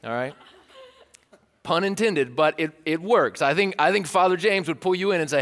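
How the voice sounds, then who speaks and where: A fairly high-voiced man in his thirties preaches with a drawl. His delivery is loose and conversational, full of jokes and repeated phrases. The sound rings with the long reverb of a large church hall. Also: moderate pace, fairly bright tone. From East Tennessee. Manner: conversational, jokey, repeats himself. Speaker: pastor. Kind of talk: sermon.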